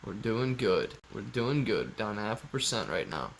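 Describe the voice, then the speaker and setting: A man's voice: lowish voice, very animated, measured pace, vocal fry, slight background noise. A man hosting a casual live stream, reading out viewer comments and greeting people by name in an upbeat way. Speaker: livestream host.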